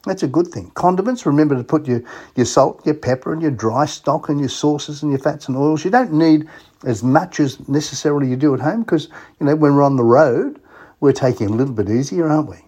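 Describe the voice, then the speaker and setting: A man's voice: a little high, a little fast, darkish tone, husky. A middle-aged man with an Australian accent, hosting a radio show in a chatty, folksy way and asking his listeners questions. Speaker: radio host. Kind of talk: casual radio talk.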